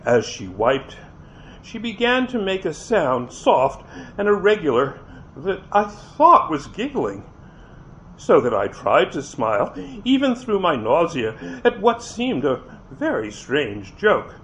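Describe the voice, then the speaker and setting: Male reader, fairly high voice, first-person novel, expressive with small slips; lo-fi, light hiss. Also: slow. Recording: dull lo-fi with faint hiss.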